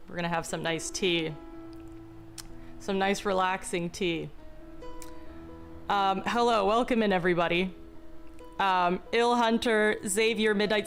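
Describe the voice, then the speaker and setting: A young woman hosts a live stream, talking slowly in a deliberately calm, mock-relaxing voice with a slight vocal fry. Her pitch sits in an ordinary middle range. Soft music plays faintly behind her. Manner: mock-soothing, slow and deliberately calm, jokey. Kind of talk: casual live-stream chat. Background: faint background music.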